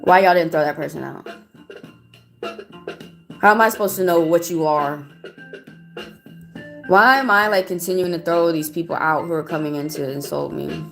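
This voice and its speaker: A woman's voice: lowish voice, normal speed, pauses often, soft background music. A woman giving a live-stream tarot reading and answering viewers, talking bluntly and heatedly and swearing often. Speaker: tarot reader.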